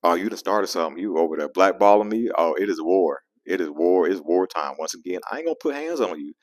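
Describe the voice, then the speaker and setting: A man telling a profane, animated story on his vlog, full of call-outs and shout-outs, recorded close on a dry mic. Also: low-pitched, quick pace, no echo, rough recording. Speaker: vlogger and comedian.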